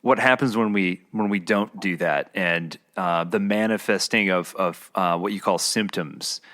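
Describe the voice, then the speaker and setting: A very deep-voiced man hosts a podcast. He asks his guest a question haltingly, restarting his phrases again and again. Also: a bit bright. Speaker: podcast host. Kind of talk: casual interview question.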